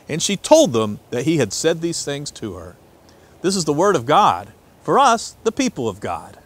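A man preaching as a pastor, reading scripture aloud and telling stories in an expressive way, swinging between loud and hushed. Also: a little high, normal speed.

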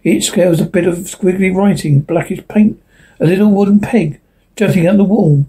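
A man's voice: high-pitched, normal speed, dark tone, breathy edge, poor audio. A man reading a science fiction story aloud, stumbling and restarting now and then. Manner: unpolished reading with slips and restarts. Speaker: narrator.

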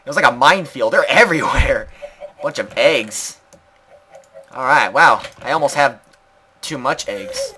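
A man giving let's play commentary, rambling to himself and the game with sudden loud outbursts. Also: medium pitch, expressive, a little slow, long pauses, a little hiss or hum. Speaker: gaming video creator.

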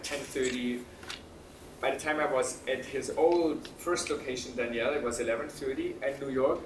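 A man telling a personal story to an audience, halting and full of fillers, laughing often. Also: mid-range voice, noisy background. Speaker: speaker at a talk. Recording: roomy sound from a distant mic.

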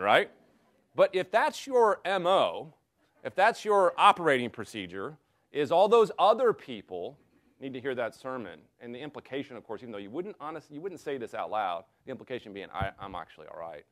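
A man's voice: fairly high pitch, fairly bright tone. American man teaching a Bible study. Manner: earnest, conversational teaching with rhetorical questions. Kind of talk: classroom Bible study lecture.

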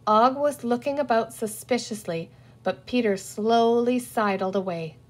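Slow, deliberate woman storybook reader. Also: a little high, a little mellow. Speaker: audiobook reader. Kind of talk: storybook narration read aloud.

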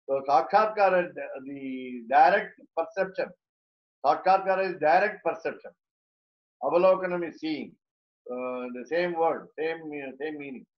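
A man teaches scripture, carefully unpacking Sanskrit words one by one and pausing on frequent fillers. His voice sits a little high for a man. The recording sounds muffled and lo-fi. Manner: explains Sanskrit terms word by word, with frequent fillers and restarts. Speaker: religious teacher. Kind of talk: scripture lecture.

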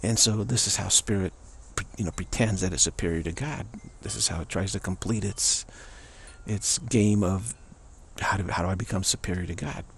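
Low gravelly guy, spiritual teacher, playful storytelling with voices. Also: normal speed. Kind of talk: spiritual talk.

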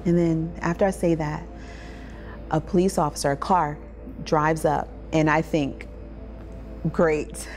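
A woman's voice: deep voice, fairly even intonation, unhurried, pauses often, a little mellow. A woman survivor telling her own story in an interview, vivid and personal, acting out what people said. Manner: vivid storytelling, acts out quoted voices. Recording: music bed underneath.

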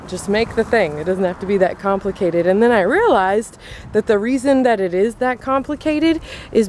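A woman's voice: medium pitch, darkish tone, a little hiss or hum. A young woman vlogging in a chatty, exasperated way, full of filler words. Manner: chatty, exasperated, many likes. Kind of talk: casual vlog chat.

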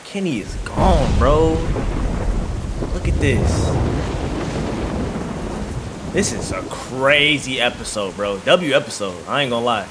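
A man streaming a horror game, reacting loudly and talking along with the characters. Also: mid-range voice, lively intonation, takes it slowly, long pauses, noisy background. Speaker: gaming streamer. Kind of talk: let's play commentary.

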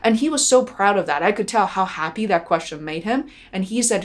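A woman, a documentary filmmaker, telling a personal story in a reflective vlog, earnest and heartfelt, often pausing on fillers. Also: medium pitch, expressive.

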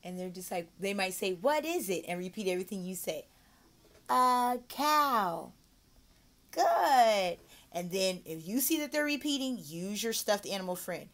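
A woman giving a mock online English lesson, switching between explaining to viewers and a sing-song voice modeling praise and phrases for young learners. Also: medium pitch. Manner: slow, drawn-out model phrases. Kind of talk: mock teaching demo with explanation.

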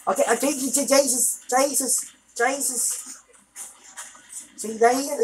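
A woman doing let's play commentary, exasperated and swearing, with loud outbursts. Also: sits high, steady tone, takes it slowly, slight background noise, poor audio. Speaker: gameplay video creator.

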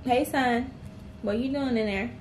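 A woman's voice: fairly high pitch, unhurried, slight background noise. A woman chatting casually to her viewers in a home kitchen while she cooks, filming on a handheld camera. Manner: chatty, laid-back, keeps addressing viewers. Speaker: vlogger talking to viewers. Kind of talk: casual vlog chat.

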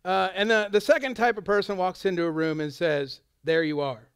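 Man, pastor, high voice, dry close sound, conversational sermon. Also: fairly quick, a bit bright, smooth, no echo. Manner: conversational, chatty preaching with many asides.

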